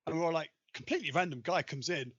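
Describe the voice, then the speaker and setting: Male guest, quick and animated, repeats phrases; dry, dull lo-fi recording. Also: fairly high pitch, no room sound. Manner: fast, repeats himself, animated anecdotes. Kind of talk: casual chat.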